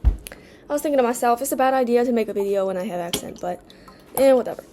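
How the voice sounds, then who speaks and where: A woman from the United States chatting casually at home in a rambling, distracted vlog, clearing her throat now and then and slipping into an odd put-on accent. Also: a little high, quick pace, warm tone, slight background noise. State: occasional coughing and throat clearing. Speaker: vlogger.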